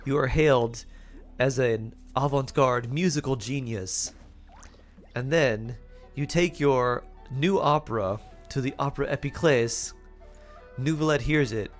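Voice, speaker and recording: A man's voice: medium pitch, measured pace, soft background music. A man streaming live, improvising playful fortune-telling stories and laughing often.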